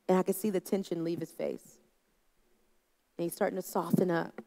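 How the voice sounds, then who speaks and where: A woman's voice: fairly low pitch, level tone, normal speed, pauses often, warm tone. A woman speaking to an audience about leading a team, in a conversational storytelling manner that acts out quoted voices. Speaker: conference speaker. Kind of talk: leadership talk to a live audience. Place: large hall with an audience. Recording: long hall reverb.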